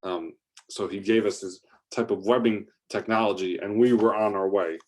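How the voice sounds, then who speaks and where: A man's voice: lowish voice, fairly even intonation, normal speed, a little mellow, a little hiss or hum. A man narrating an improvised adventure story, rambling along with fillers and restarts.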